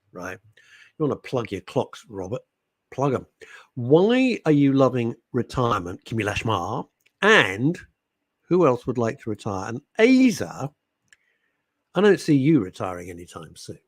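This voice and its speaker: A man's voice: mid-range voice, slightly rough, dry recording. A middle-aged man, hosting a radio show in casual, rambling chat. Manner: animated, rambling, puts on quoted voices. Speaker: radio host.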